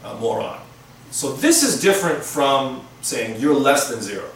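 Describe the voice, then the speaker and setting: A man's voice: medium pitch, very animated, fairly bright tone, a little hiss or hum. Echoey preaching man from afar. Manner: conversational preaching with pauses and restarts. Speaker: pastor. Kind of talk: sermon. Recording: echoey room from far off.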